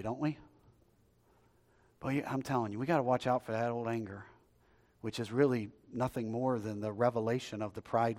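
A man preaching a sermon, telling stories in a lively, conversational way with jokes aimed at the congregation. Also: medium pitch, long reverb tail. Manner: storytelling, lively and conversational, joking aside to the congregation. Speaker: pastor.

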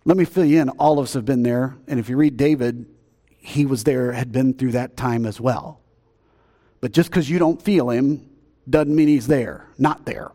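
A man preaching a sermon as pastor, conversational, swinging between loud emphasis and quiet asides. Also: fairly high pitch. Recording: long reverb.

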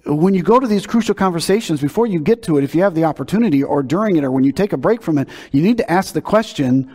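A male pastor delivers a sermon in a conversational yet emphatic manner, doubling words as he builds to each point. His voice sits a little high for a man, and a long reverb trails after it in what sounds like a church sanctuary. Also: expressive, fast, dark tone, breathy edge.

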